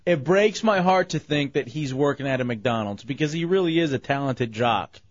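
Animated man hosting call-in radio. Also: medium pitch, normal speed, dry recording. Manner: animated, storytelling. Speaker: radio host. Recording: dull lo-fi radio broadcast.

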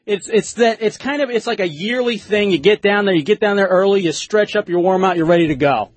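A man's voice: high voice, brisk, no echo. A man hosting a talk radio show, joking crudely in casual banter and sometimes laughing at his own lines.

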